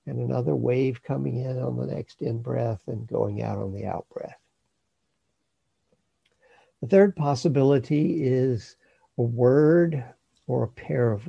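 A man teaching meditation, giving slow, calm instruction with long pauses. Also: medium pitch, vocal fry, husky, no echo, highs cut off.

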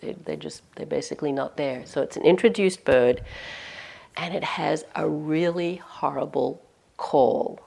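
Woman, meditation teacher, dharma talk, candid self-deprecating storytelling, lowish voice. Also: lively intonation, a little slow, creaky, dark tone, breathy edge.

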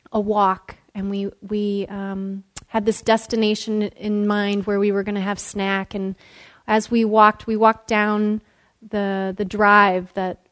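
A woman meditation teacher giving a dharma talk, telling a story in a gentle, storytelling way and laughing often. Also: mid-range voice.

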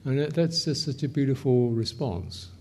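A man teaching meditation in a question-and-answer session, speaking gently in short, halting phrases with soft laughs. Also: mid-range voice. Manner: gentle, unhurried, often laughs softly. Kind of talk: dharma Q&A teaching.

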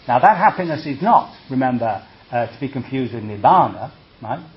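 Animated monk giving a dharma talk. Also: male voice, mid-range voice, normal speed, muffled recording. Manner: conversational, checks in with "see?" and "okay?"; lively, acts out reactions with humor. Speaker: Buddhist monk teacher.

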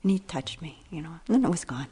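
An older woman giving a dharma talk as a meditation teacher, speaking slowly and reflectively, with trailing phrases that sometimes sink to a near whisper. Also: deep voice, animated, dark tone, breathy edge.

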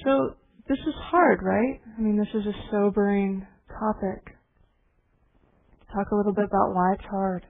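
A woman meditation teacher gives a dharma talk in a gentle, reflective storytelling manner. Her mid-pitched voice comes through a narrow, phone-like band, with faint hiss behind it. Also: fairly even intonation, a little slow, gravelly. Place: meditation hall.

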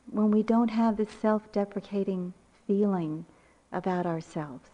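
An older woman giving a dharma talk as a meditation teacher, with reflective, unhurried storytelling. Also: mid-range voice. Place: retreat center meditation hall. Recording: muffled lecture recording.

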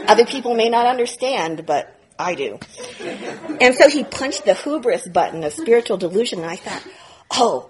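Woman giving a laughing, animated dharma talk. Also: a little high, low-quality recording. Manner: animated, self-mocking, laughing while telling. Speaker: meditation teacher. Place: retreat center meditation hall.

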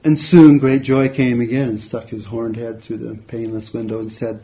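A man, a meditation teacher, telling a story in a relaxed, conversational dharma talk. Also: medium pitch, normal speed. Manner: relaxed, conversational, frequent "you know". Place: retreat center hall.

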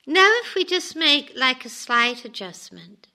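Woman meditation teacher, dharma talk, thoughtful and chatty, slightly high voice. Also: very animated, a little slow, sharp tone. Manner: reflective, conversational, with you-knows and restarts. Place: meditation hall at a retreat center.

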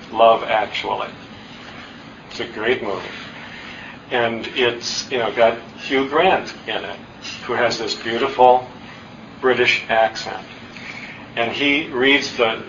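A middle-aged man giving a dharma talk at a meditation center, telling stories in a self-deprecating, unhurried way. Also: medium pitch. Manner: warm, self-deprecating storytelling with pauses. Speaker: guest dharma teacher. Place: meditation hall. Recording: distant, dull room recording with faint noise.

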